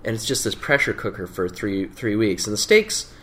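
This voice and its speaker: Man, middle-aged, low voice, halting, many fillers, casual interview guest. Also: big pitch swings, a bit bright.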